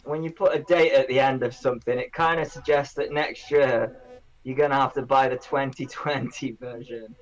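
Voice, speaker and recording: A man's voice: medium pitch, steady tone, normal speed, highs cut off. A man on a podcast, rambling through a review of drone gear with lots of restarts in casual banter.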